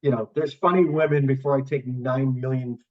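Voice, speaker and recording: A comedian from the Boston area tells rambling stories in a casual podcast chat, swearing freely and acting out the people he quotes. His voice sits at an ordinary pitch for a man. The recording sounds a little dull and lo-fi. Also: steady tone, a little fast. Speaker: comedian guest.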